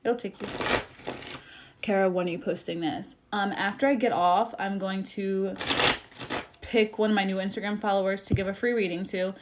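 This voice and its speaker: A woman's voice: medium pitch, steady tone, normal speed, noisy background. A young woman giving a casual tarot reading on a livestream, blunt and chatty, apologizing for the bad news she delivers. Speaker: tarot reader.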